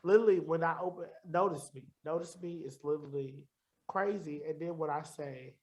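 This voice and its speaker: A man's voice: on the high side, brisk. A man as a musician guest on a podcast, talking candidly and reflectively in a casual interview, often restarting his sentences.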